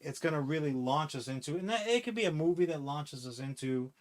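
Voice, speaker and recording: A man chatting casually on a podcast, rambling and swearing as he pitches a movie idea with acted-out quotes. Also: a little fast. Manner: rambling, profane, animated storytelling with acted-out quotes. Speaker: podcast co-host. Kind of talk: casual comic-book podcast chat.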